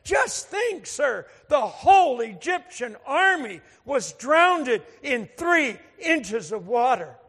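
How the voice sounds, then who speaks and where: A man's voice: very high voice, animated, moderate pace, gravelly, hardly any pauses, pushed and bright, full character voice. A preacher voicing a humble, newly converted woman in a crowd, speaking earnestly and innocently. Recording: echoey hall reverb.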